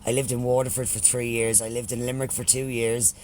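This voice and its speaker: A man's voice: medium pitch, little pitch movement, fast, darkish tone, a little hiss or hum. An Irish man chatting casually on a live stream, swearing freely and thanking followers by name. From Ireland.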